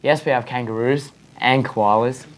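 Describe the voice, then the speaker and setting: A man's voice: medium pitch, fairly even intonation, normal speed, rough recording. A young man from Australia with an Australian accent, greeting the school news audience in a jokey, friendly way. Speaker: exchange student. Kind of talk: casual greeting to camera.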